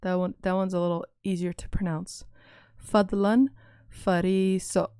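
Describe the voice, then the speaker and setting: A young woman, patiently teaching classroom phrases and repeating each one slowly for learners. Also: fairly low pitch, completely flat delivery, warm tone, clean tone, no room sound, studio quality. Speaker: language teacher. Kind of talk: recorded language lesson.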